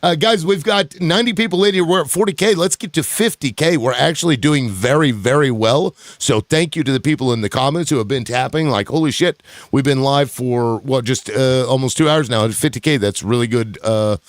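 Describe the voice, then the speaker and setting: Calm man moderating a heated panel. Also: mid-range voice, fairly quick, hardly any pauses, dry recording. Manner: calm, repeats "okay" to settle arguments. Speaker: host of a live political panel. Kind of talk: live-stream panel moderating.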